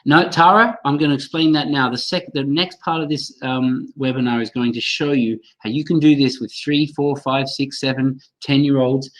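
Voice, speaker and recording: A man hosts a live webinar for teachers, talking with lively enthusiasm. He calls on attendees by name and models phrases aloud to demonstrate them. He sounds like he's speaking into a computer mic on a video call. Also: mid-range voice, moderate pace, hardly any pauses, low-quality recording. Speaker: teacher trainer hosting a webinar.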